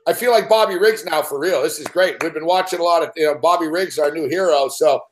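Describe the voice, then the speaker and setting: A man's voice: a little high, quick pace, slight background noise. A man hosting, teasing his co-host with profane, laughing banter. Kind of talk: casual banter.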